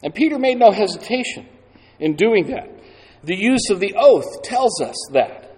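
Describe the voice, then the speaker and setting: A man preaching a sermon slowly and deliberately, leaning on key words for dramatic emphasis. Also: sits high, very animated, a little mellow, breathy edge. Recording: long hall reverb.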